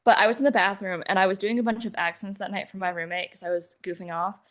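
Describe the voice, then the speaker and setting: A college-age woman on a casual podcast, telling anecdotes in a relaxed, chatty way. Her voice sits at an ordinary middle pitch. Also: fast talker. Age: young adult. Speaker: podcast co-host. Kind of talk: casual chat.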